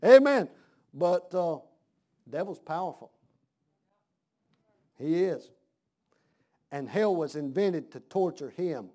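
A man preaching a sermon, dropping to a hush and then rising to shouts with slow, drawn-out emphasis. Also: on the high side, lively intonation.

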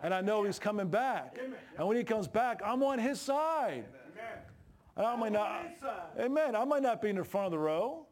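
A middle-aged man preaching a sermon with a voice set a bit higher than most men's. He talks in a folksy, emphatic way and jumps up in pitch when he gets fired up. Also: expressive, brisk, few pauses, a crowd in the background.

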